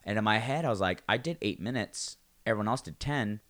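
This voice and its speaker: Man, comedian, casual chat, animated storytelling, low pitch. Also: fairly quick. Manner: animated storytelling, acting out quoted voices. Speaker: stand-up comedian.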